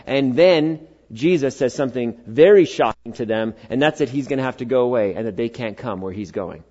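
A middle-aged pastor preaches in church a little fast with few pauses, his mid-range voice dark in tone and the recording's highs cut off. He talks conversationally, joking and bantering with the congregation and acting out quoted speakers in character voices.

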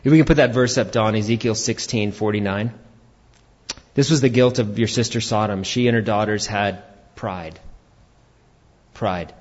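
Husky guy preaching, gets loud n animated, kinda dull lo-fi sound. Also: lowish voice, moderate pace, long pauses. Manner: animated preaching, shouting for emphasis. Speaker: pastor. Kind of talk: sermon.

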